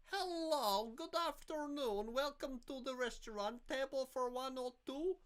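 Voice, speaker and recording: A man mimicking a young waitress, in a high sing-song falsetto. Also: unhurried, a bit bright. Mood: prim, sing-song. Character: young Slovak waitress, prim then indignant.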